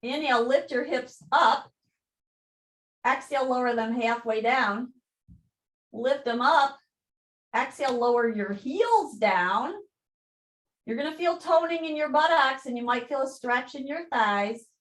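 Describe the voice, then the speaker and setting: Woman, yoga instructor, slightly high voice, unhurried calm cues, echoey room. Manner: calm step-by-step cues, counting breaths. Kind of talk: guided yoga class instruction.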